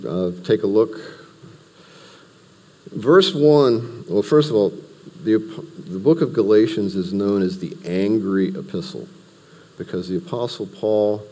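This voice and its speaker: A man's voice: on the low side, dark tone, long reverb tail. A man teaching a Bible study, talking through the text verse by verse in a conversational way with asides and restarts.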